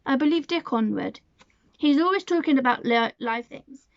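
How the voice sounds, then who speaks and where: A headstrong young girl from a storybook, earnest and insistent, voiced by a woman reading aloud. The voice sits fairly high and carries a gravelly grain. The recording is dull and lo-fi with a dry, close sound. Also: animated, normal speed, no echo. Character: wilful, outspoken young girl.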